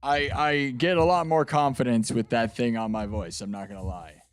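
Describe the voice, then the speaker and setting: A man's voice: medium pitch, normal speed, slight background noise. Laid-back man chatting to livestream viewers. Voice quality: throat strained from screaming. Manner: laid-back, calls viewers dudes and bro. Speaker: livestream host and improv musician. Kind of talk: casual livestream chat.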